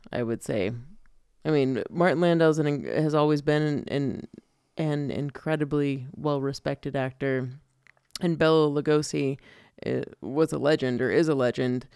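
A man's voice: mid-range voice, a little mellow, clear, resonant tone, dry recording, studio quality. A young adult man co-hosting a casual film discussion, hesitant with many restarts. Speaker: podcast co-host.

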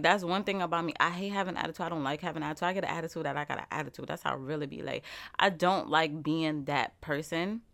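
A young woman chatting straight to her viewers in an animated, emphatic way. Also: sits low. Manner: animated, emphatic, speaks straight to the audience with lots of "like". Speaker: vlogger and podcaster. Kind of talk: casual motivational chat to viewers.

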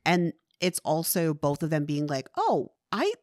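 A woman co-hosting a book podcast who reasons things through and gets animated when acting out characters' thoughts. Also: low voice, moderate pace, no echo, studio quality. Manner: analytical, animated when quoting. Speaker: podcast co-host. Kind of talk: casual book chat.

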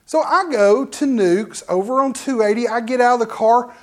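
Animated preacher. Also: mid-range voice, moderate pace. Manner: animated storytelling, often restarts mid-sentence; addresses the audience directly with asides. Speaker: minister. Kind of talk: sermon testimony to a congregation.

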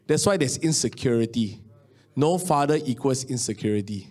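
A pastor in his late thirties with a Singaporean English accent preaches a sermon woven with personal stories. At a moderate pace, he swings between hushed, low lines and raised, excited ones.

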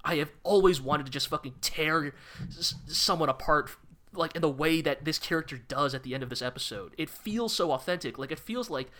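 A man co-hosting a podcast, talking in a casual, impassioned way with quick restarts. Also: on the high side, pushed and bright. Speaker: podcast co-host. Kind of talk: casual chat reviewing anime.

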